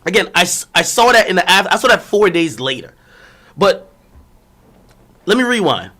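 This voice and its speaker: A man's voice: high-pitched, big pitch swings, normal speed, bright, forceful tone. A young man streaming, telling a long personal story in a rambling, profane, slang-heavy casual way.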